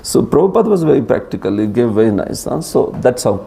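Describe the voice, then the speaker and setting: A man with an Indian accent giving a scripture class lecture, lively, laughing often and putting questions to his students. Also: mid-range voice, quick pace, gravelly, a little hiss or hum. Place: class streamed live.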